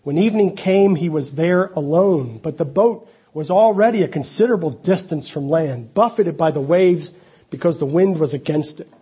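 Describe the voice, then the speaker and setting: A man's voice: a little high, normal speed, husky, dull audio. A man preaching a sermon, reading scripture and then explaining it in a conversational way, with asides and restarts. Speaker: pastor.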